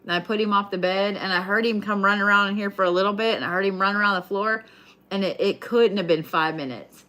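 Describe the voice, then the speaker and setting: A woman's voice: medium pitch, fast, sharp tone. A woman giving a live tarot reading in a casual, chatty way, swearing freely. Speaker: tarot card reader.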